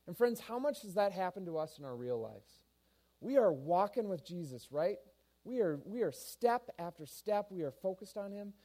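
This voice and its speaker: Pastor guy giving a chatty sermon, warm mellow tone, tells it like a story. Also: a little high. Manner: conversational, animated storytelling.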